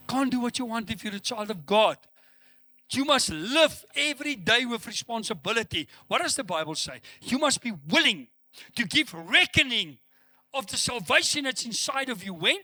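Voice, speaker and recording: A man's voice: very high-pitched, sing-song, moderate pace, sharp tone, no room sound. A middle-aged man preaching a sermon as pastor, acting out the dialogue he quotes with rising emphasis. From South Africa.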